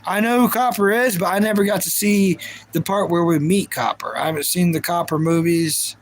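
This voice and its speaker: A man's voice: sits high, steady tone, normal speed, slight background noise, rough recording. A young man hosting a livestream, chatting casually and playfully about anime and reacting to his viewers. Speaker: livestream host.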